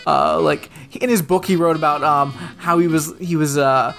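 A man's voice: a little high, steady tone, normal speed, vocal fry, fairly bright tone, faint music behind. A man co-hosting a casual political talk show, ranting and mocking with plenty of swearing. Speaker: podcast co-host.

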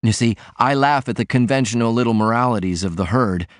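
A man's voice: medium pitch, fairly quick, no echo, clean studio sound, lightly acted. A man voicing a proud, poor young man who talks earnestly and defensively.

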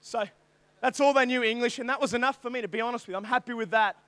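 Speaking fast in a strikingly high voice, an Australian man preaches to young people with a self-deprecating story stuffed with jokes. He is lively and constantly calls on the crowd for answers; the recording is intimate and dry, with no echo from the room.

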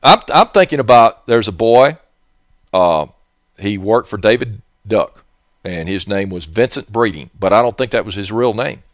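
Southern man host, blunt and profane, animated delivery, dry close sound. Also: fairly low pitch, normal speed, no room sound. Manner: blunt, profane, rambling, digressive. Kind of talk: rambling casual monologue.

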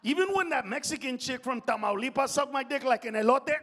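A middle-aged man doing live stand-up in a comedy club, profane and shouting, dropping Spanish slang. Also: very high-pitched, expressive, a little fast, a little hiss or hum.

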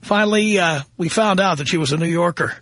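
A man's voice: high-pitched, a little fast, fairly bright tone, dry recording. A man from New York hosting a call-in radio show, needling and condescending toward callers. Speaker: radio talk show host. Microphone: studio broadcast mic.

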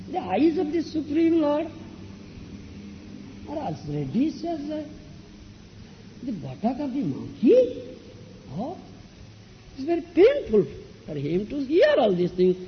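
A man's voice: very high voice, huge pitch swings, unhurried, pauses often. A man teaching as a spiritual teacher in a religious discourse, often asking his listeners if they understand. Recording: dull lo-fi echoey hall with faint noise.

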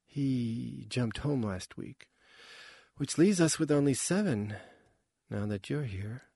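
A man voicing a guarded young woman who guides newcomers, speaking in low, dry murmurs. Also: lively intonation, slow pace, vocal fry, warm tone, husky, dry recording, heavily acted. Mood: wry.

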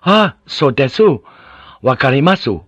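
A man's voice: medium pitch, lively intonation, normal speed, dry recording, pitched above the performer's own voice, lightly acted. A man voicing a tense, stern male samurai officer who speaks in a clipped, insistent way. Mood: sharp. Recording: dull lo-fi audiobook recording.

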